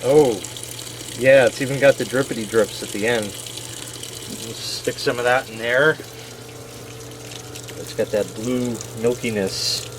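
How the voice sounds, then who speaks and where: A man's voice: medium pitch, measured pace, long pauses. A man hosting a laundry video, chatting casually and playfully as he sets up washing machines. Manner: playful, jokey. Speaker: host. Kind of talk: casual demonstration chat. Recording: noisy with running water.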